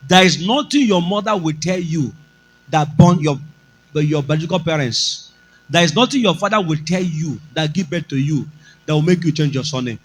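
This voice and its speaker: A man's voice: on the high side, moderate pace, breathy edge, poor audio. A male pastor with a Nigerian accent, preaching a sermon with emphatic delivery and slipping into Pidgin.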